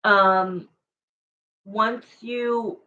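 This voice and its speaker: Slow, chatty woman reading tarot. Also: medium pitch, steady tone, bright, forceful tone, lo-fi sound. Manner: rambling, chatty, emotional, searches for words. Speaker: tarot reader. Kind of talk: live-stream tarot reading to viewers.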